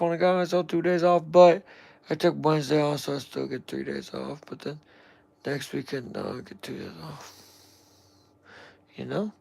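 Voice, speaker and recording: A man's voice: fairly high pitch, steady tone, moderate pace, vocal fry, pauses often, a little mellow. A young man from the United States chatting loosely while reacting to a broadcast, rambling, joking and calling people "bro". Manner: rambling, jokey, slangy, says "bro" a lot. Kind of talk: casual live-stream commentary.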